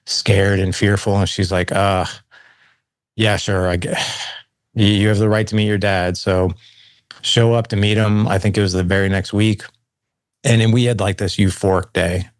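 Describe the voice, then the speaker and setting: A middle-aged man with a deep, low voice recounts his own childhood in a candid, conversational way, slipping into the voices of people he quotes. The sound is dry and close, with no room around it. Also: flat delivery, moderate pace, dry recording. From St. Louis, USA. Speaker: podcast guest. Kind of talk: personal storytelling interview.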